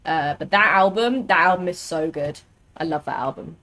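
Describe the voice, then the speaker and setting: A young woman from the UK chats casually while streaming a game, rambling and using lots of fillers. She has a lowish, slightly bright voice and speaks at a moderate pace.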